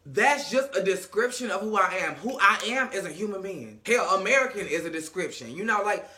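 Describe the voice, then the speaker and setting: Sassy high-voiced man roasting reality TV. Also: animated, brisk, pushed and bright. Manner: sassy and profane, dramatic emphasis. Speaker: reality TV recap commentator. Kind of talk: casual commentary.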